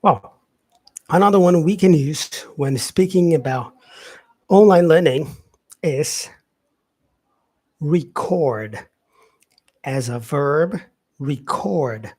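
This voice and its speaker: A man teaching English vocabulary on a live stream, explaining slowly and filling pauses with "yeah" and "um". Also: a little high, a little mellow. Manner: explains slowly, with many fillers and repeated "yeah". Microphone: facing camera, streaming live.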